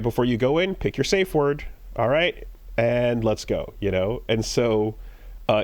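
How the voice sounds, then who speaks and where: Animated man retelling a game story. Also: lowish voice, dry recording. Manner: animated storytelling, acts out quoted lines in raised voices. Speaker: podcast co-host. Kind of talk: casual chat.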